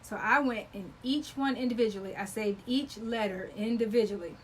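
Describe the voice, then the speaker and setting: A woman's voice: on the high side, normal speed, a little hiss or hum, rough recording. A talkative woman chatting with viewers while demonstrating embroidery on a live stream. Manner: talkative, loves to chat with viewers; greets viewers by name while working. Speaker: embroidery livestream host.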